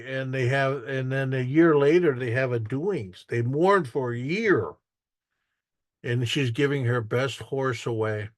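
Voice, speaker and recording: A man talks through his photographs in a loose, rambling storytelling manner, often restarting and acting out what people said. His voice sits at an ordinary pitch for a man. The sound is dry and close, with no room echo. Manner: rambling, with restarts and acted-out quotes. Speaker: photographer giving an artist talk. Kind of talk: casual storytelling while showing photos.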